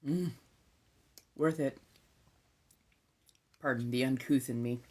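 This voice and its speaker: Woman, Californian accent, deep voice, laid-back stream chat, swears, occasional whispers. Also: steady tone, slow, darkish tone, slight background noise. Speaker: ASMR streamer. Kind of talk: casual live-stream chat.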